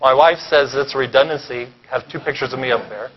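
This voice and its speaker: A man giving a keynote lecture at a conference, animated and sarcastic, often pausing to check in with the audience. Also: mid-range voice. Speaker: keynote speaker. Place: conference hall. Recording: dull lo-fi recording.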